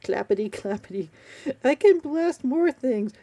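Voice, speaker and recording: A woman's voice: sits high, lively intonation, a little slow, mellow, heavily acted. A woman voicing a clueless, boastful male space traveler with mocking, sarcastic exaggeration. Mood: smug.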